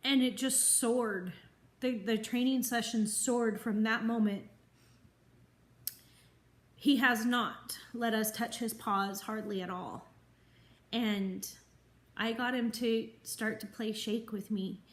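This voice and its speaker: A woman's voice: fairly high pitch, fairly even intonation. A woman dog trainer talking earnestly to the camera in a vlog, teary and sniffly after a good cry. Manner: slow, heartfelt, earnest. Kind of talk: emotional vlog talk to camera. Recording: echoey room.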